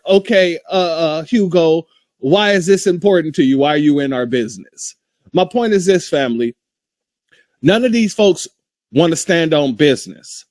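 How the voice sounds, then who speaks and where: High-voiced host, rhetorical and animated. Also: male voice, normal speed, dry recording, clean studio sound. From United States. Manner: animated, rhetorical, asks questions and waits. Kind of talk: casual opinion talk.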